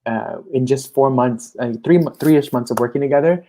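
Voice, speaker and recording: A man, a coach and guest, talking in a casual, animated interview and acting out his clients' voices. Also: medium pitch, moderate pace, faint music behind.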